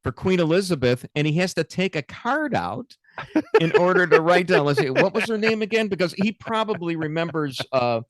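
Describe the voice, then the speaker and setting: A man's voice: high-pitched, expressive, normal speed, fairly bright tone, dry recording, studio quality. An older man co-hosting a casual political chat show, sarcastic and joking. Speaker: co-host.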